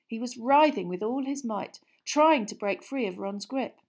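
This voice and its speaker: A woman reading an audiobook chapter in a hushed, suspenseful storytelling manner. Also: on the high side, lively intonation, unhurried, creaky. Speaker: audiobook narrator. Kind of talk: scripted narration.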